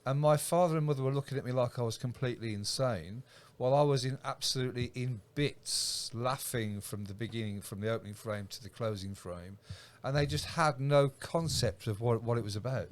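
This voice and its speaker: A man's voice: medium pitch, fairly quick, hardly any pauses. A middle-aged man co-hosting a casual chat, hesitant and self-deprecating, with stammered restarts. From Britain. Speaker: co-host.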